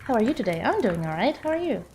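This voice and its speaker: A woman's voice: a little high, sing-song, fast talker, darkish tone, slight background noise. A woman game streamer chatting casually as she plays, reading out and answering viewer messages. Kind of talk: casual live-stream chat while playing.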